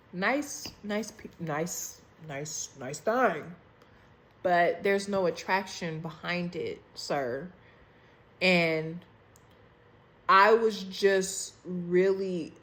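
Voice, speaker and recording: A woman's voice: lowish voice, a bit bright. A young woman telling a dating story over a phone video call in a candid, chatty, profane way, calling her listener "girl" and "baby". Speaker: storytime vlogger.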